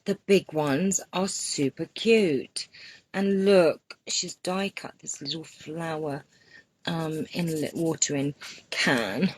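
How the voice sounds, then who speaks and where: Low-voiced, unhurried woman hosting a homey craft stream; warm gushing chatter. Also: slightly rough. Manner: chatty, greets viewers by name, gushes over gifts. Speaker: crafting channel host. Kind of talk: casual live-stream chat.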